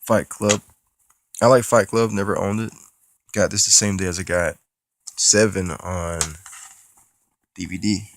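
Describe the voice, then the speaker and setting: A man's voice: deep voice, steady tone, measured pace, long pauses, a little hiss or hum. A man with a stuffy nose, casually rambling and swearing as he shows off his new movie haul in a vlog. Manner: casual and profane, rambling with restarts. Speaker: movie collector vlogger.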